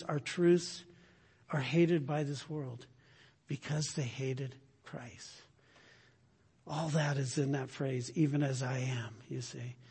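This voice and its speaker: A man preaching a sermon, moving between loud emphatic lines and hushed, drawn-out asides. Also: on the high side, husky, in a large hall. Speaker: pastor.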